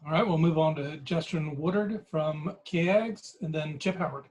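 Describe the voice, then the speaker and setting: A man moderating a press conference, calling on reporters in a brisk, matter-of-fact way. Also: on the high side, a little mellow, rough recording. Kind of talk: brief announcements.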